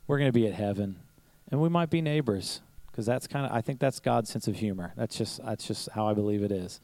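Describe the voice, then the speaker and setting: A man's voice: fairly low pitch, normal speed, a little mellow, dry recording, poor audio. A pastor preaching to his church in a conversational sermon, telling stories, asking rhetorical questions and chuckling now and then. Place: church service.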